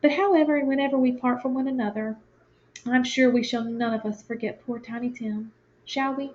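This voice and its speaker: A woman reading as a gentle, kind father. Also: on the high side, fairly even intonation, fairly quick, slight background noise, natural voice. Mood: tender. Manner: tender and earnest. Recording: lo-fi, dull sound.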